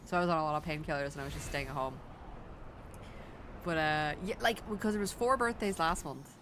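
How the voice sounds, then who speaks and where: An Irish woman streamer chatting casually while gaming, an animated storyteller who jumps up high when quoting people. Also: a little fast, background noise. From Ireland.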